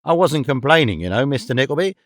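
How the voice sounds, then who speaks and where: A narrator puts on a shifty, fawning schoolmaster with rough rustic speech. He wheedles and dodges, and the voice sits dry and close. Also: medium pitch, moderate pace, dry recording, close to an everyday voice. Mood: evasive. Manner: evasive and wheedling, broad rustic grammar. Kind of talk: audiobook character voice.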